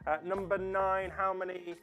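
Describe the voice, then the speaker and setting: A man's voice: high-pitched, completely flat delivery, normal speed, highs cut off. A man hosts a fundraiser quiz on a livestream, reading out answers in a loose, chatty way with plenty of ums. Faint music sits underneath his voice. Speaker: fundraiser stream host. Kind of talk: casual quiz hosting on a livestream.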